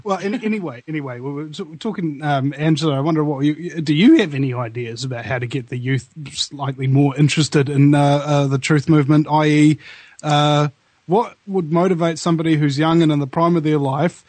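A wisecracking male co-host trading playful jokes on a talk radio show. His voice sits high for a man, and the recording is dry and close. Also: brisk, a little mellow, dry recording. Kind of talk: casual talk radio chat.

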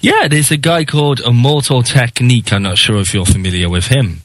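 A man from the UK with a Welsh accent, a radio guest chatting casually and relaxed. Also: mid-range voice, brisk, no room sound, low-quality recording. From United Kingdom. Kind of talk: casual interview chat.

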